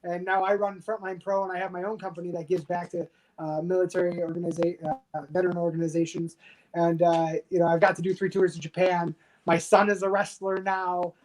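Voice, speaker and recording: Animated man telling wrestling stories. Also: sits high, brisk, a little hiss or hum, poor audio. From United States. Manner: animated storyteller acting out others' quotes. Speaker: guest, retired soldier and pro wrestler. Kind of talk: casual storytelling interview.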